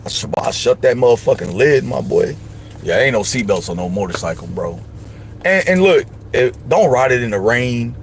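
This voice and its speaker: A man talking casually on a livestream, leaning hard on his points with lots of slang. He hands out advice in a loose, emphatic way, his voice at an ordinary middle pitch. A faint noise sits underneath. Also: big pitch swings, normal speed. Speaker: livestream host.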